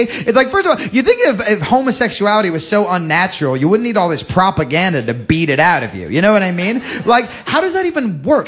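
A man's voice: sits high, fairly bright tone. A man performing a stand-up comedy set on a club stage, sliding into mock-preachy impressions. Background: audience laughter.

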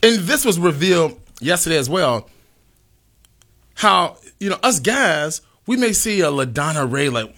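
A man hosts a relaxed talk show in a bright, forceful voice. His pitch runs high and swings widely as he jokes. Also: measured pace. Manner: animated, playful, gives shout-outs. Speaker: host. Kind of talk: casual chat.

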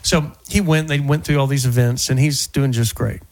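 A man hosting a radio talk show, joking and telling stories in a casual, animated way from the studio. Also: medium pitch, moderate pace. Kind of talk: casual sports radio chat.

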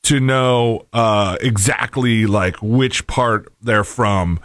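A man co-hosting a talk show, speaking casually and haltingly, with many fillers and restarts. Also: on the low side, fairly bright tone, no room sound, studio quality. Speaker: co-host.

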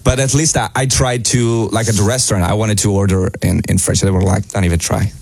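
A man's voice: lowish voice, fairly even intonation, brisk, a crowd in the background. A man from Italy with an Italian accent, a native Italian speaker, chatting as a guest on a radio show and laughing easily. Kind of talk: casual chat.

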